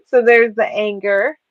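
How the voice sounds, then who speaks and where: A woman speaks calmly and gently as a guest teacher, easing through her spiritual points. She is on a remote call through earbuds, so her voice comes through dull and lo-fi. It sounds dry with no room echo. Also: on the high side. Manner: calm, soothing, slow and gentle. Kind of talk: calm spiritual teaching in a live chat.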